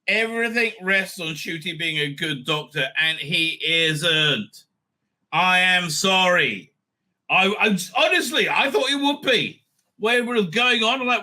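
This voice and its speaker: A middle-aged man hosting a casual TV review, excitable and blunt, swearing freely, laughing often and trailing off mid-thought. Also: high-pitched, unhurried. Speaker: show host reviewing TV episodes. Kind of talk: casual rambling review monologue.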